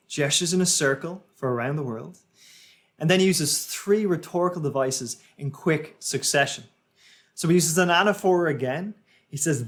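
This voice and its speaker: A man commenting as a public speaking coach, calmly analysing a speech and explaining its techniques. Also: on the high side, moderate pace. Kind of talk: reaction commentary.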